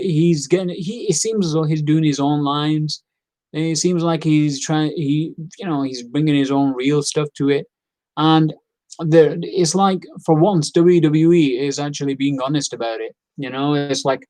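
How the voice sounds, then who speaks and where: A man's voice: on the high side, a little mellow, no echo, poor audio. A man giving a casual, opinionated wrestling review, rambling with fillers and repeats. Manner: acts out quoted lines in character.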